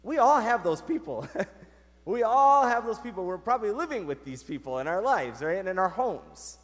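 A male priest preaching a sermon, telling stories in an animated way with wide swings in loudness and pitch. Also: normal speed. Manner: animated storytelling with big swings in pitch and volume. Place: church. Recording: echoey church hall.

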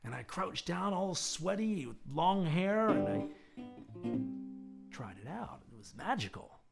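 A man hosting a show, telling a personal street-music story in a relaxed, reflective way. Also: high-pitched, unhurried, gravelly. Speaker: podcast host and street musician. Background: plucked guitar music.

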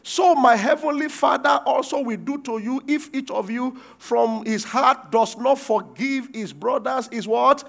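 A man preaching a sermon, reading verses and breaking off to quiz the congregation, acting out the quoted lines with sudden shouts. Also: very high voice, a little slow, creaky, few pauses. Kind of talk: sermon with call-and-response.

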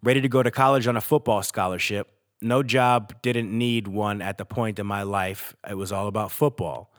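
A man in his thirties, a podcast host, reading a personal letter aloud in a steady, earnest way with pauses. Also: lowish voice, no echo, studio quality.

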